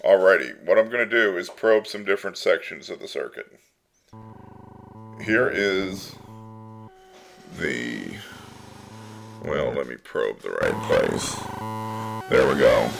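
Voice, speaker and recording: At a home workbench, an electronics hobbyist gives a casual hands-on tutorial in a rumbling low, creaky, slightly bright voice, very animated but slow with long pauses, adding wry asides as he tinkers. He uses a desktop mic, at times heard through his breadboard circuit, with circuit distortion, synth tones and soft background music behind.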